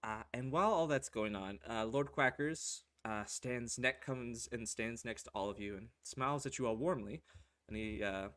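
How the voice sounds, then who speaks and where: A man's voice: mid-range voice, normal speed, fairly bright tone. A man narrating a tabletop game as game master, casual and full of fillers.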